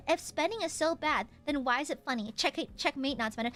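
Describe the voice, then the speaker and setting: A woman streamer in casual livestream chat, reading donations with melodramatic mock suffering and yelling at her chat. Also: high-pitched, lively intonation, a little fast, few pauses, soft background music.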